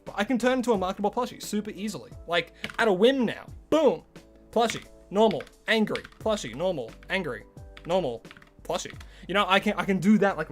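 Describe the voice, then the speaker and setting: Chatty young man streaming. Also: a little high. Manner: chatty, swears casually, laughs often. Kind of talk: casual live-stream chat. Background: faint music.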